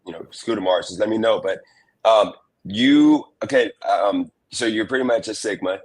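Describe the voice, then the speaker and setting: A man's voice: on the low side, moderate pace, rough recording. A man hosting a livestream interview, asking questions in an easygoing, meandering way full of ums.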